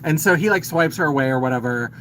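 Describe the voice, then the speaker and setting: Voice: medium pitch, fast, fairly bright tone, a little hiss or hum, low-quality recording. A man hosting a live stream, casually retelling a film's plot in a chatty, filler-heavy way and greeting viewers as he goes. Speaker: host.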